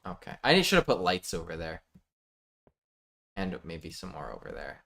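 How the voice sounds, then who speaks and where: Guy streaming a block game, lowish voice, joking w chat. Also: sing-song, normal speed, vocal fry, pushed and bright. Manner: chatty, reads chat aloud, jokey. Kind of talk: casual live-stream chat.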